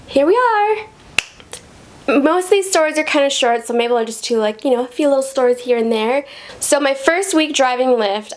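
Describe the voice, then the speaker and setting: Brief: young woman, story-time vlogger, swears a lot, rambles, slightly high voice. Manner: rambling, profane, full of "like". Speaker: rideshare driver telling stories. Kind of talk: casual storytime vlog.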